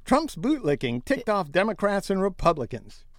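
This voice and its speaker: A man's voice: high voice, sing-song, moderate pace, no room sound, clean studio sound. A man co-hosting a casual comedic news chat, reading stories aloud with a wry, mocking tone and frequent laughs.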